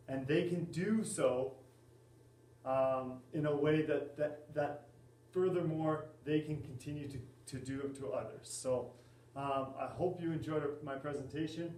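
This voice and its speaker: A man, a volleyball coach, giving a class presentation in a halting way with many fillers and restarts. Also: fairly high pitch, steady tone, darkish tone. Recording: echoey room, mic at a distance.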